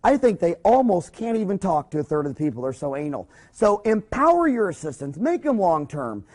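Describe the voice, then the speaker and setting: High-voiced, blunt joking man lecturing. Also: brisk. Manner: blunt, joking, animated storyteller. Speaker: dentist lecturer. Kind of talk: lively seminar lecture with acted-out anecdotes.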